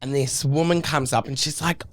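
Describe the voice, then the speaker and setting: A man co-hosting a podcast, telling a story in an animated, dramatic way. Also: mid-range voice, normal speed. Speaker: podcast co-host. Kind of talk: casual storytelling chat.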